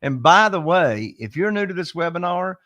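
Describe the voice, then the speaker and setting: A man presenting a webinar, pitching offers and telling his story with energy. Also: moderate pace, dry recording. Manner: energetic, salesy, spells out web addresses. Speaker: real estate investor presenting a webinar.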